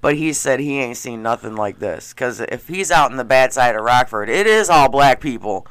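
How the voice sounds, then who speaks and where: Bright, lively storytelling man. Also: medium pitch, moderate pace, smooth, dry recording. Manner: animated storyteller, laughs often, acts out quotes. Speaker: gas station clerk. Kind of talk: casual chat, storytelling.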